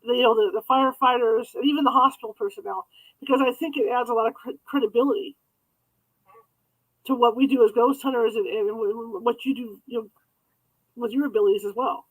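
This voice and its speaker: A man's voice: very high voice, fairly even intonation, a little fast, fairly bright tone, low-quality recording. A man hosting an interview, a ghost hunter, who stammers and repeats words. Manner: stammering, repeating words, with frequent short affirmations. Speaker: podcast host and ghost hunter. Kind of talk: casual interview.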